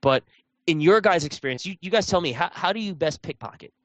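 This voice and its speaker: A man's voice: sits high, expressive, brisk, fairly bright tone, dry recording. A man chatting casually about a video game, rambling with lots of fillers and restarts. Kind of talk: casual chat.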